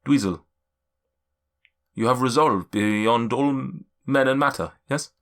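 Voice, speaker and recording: A man voicing a friendly male cloud giant in a put-on German accent, speaking slowly and solemnly and asking "yes?" after each point. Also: medium pitch, a bit bright. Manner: slow, solemn, ends lines with "yes?". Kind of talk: tabletop game character voice.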